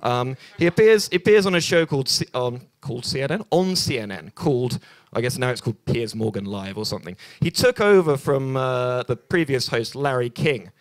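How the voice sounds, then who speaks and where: A man's voice: medium pitch, expressive, brisk, no echo. A young British man doing a stand-up set at an open mic night in a bar, dry and self-deprecating, rambling with many ums and restarts, on a handheld stage mic. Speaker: stand-up comedian.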